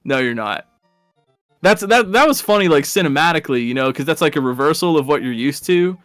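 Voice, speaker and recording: A man's voice: on the high side, animated, quick pace, fairly bright tone, no echo, faint music behind. A man casually commentating a live video game race, rambling and chatty, laughing at his own stories.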